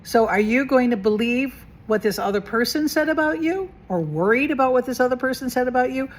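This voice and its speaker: High-voiced and brisk with lively intonation, a mentor and coach speaks right to her audience in a casual self-help vlog, chatty, using rhetorical questions and repeated phrases to stress her points.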